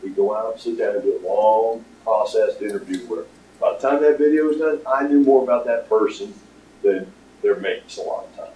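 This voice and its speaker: An older man giving a casual, rambling pitch to an audience, with lots of fillers. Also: normal speed, dark tone, slight background noise. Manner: rambling storyteller with many fillers. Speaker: startup presenter. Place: meeting room with audience. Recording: roomy, distant room recording.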